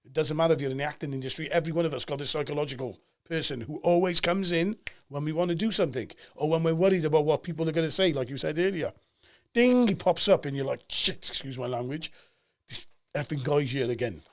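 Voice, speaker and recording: A man, a guest on a podcast, telling his story in an emphatic, animated way with quick restarts. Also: on the high side. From Wales. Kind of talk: casual podcast chat.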